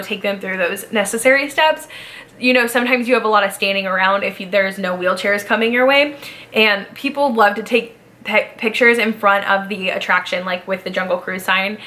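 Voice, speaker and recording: A woman's voice: mid-range voice, bright, forceful tone. A young woman in her twenties chatting casually and upbeat about her old job as a ride guide, full of "like" fillers. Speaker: vlogger, former theme park ride guide. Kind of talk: casual chat.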